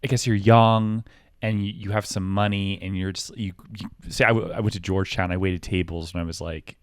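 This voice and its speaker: A man's voice: deep voice, steady tone, a little fast, dry recording, studio quality. A man in his thirties co-hosting a podcast, telling rambling comic stories full of fillers. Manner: rambling, filler-heavy, mimics voices in anecdotes. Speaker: podcast co-host. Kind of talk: casual comedic storytelling.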